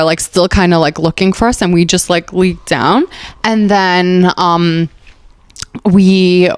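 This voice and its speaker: A woman's voice: on the low side, dry recording, studio quality. A woman comedian hosting her podcast and telling a rambling, profane comic story, filling her talk with "like" and acting out other people's lines. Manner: profane, rambling, heavy on "like" fillers; acts out other people's lines in animated voices. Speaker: podcast host and stand-up comedian.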